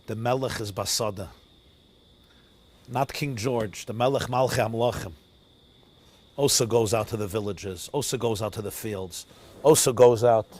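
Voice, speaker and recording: A male rabbi giving a sermon as a story, dramatic, swinging from loud to hushed, with Yiddish and Hebrew words mixed in. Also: medium pitch. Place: outdoors near a forest.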